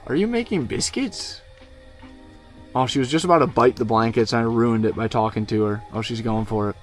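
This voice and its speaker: A man's voice: lowish voice, steady tone, fast talker. A young man chatting casually and slangily on a long gaming livestream from inside a van, often cooing to his dog. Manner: laid-back slangy, talks to his dog. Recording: music playing behind.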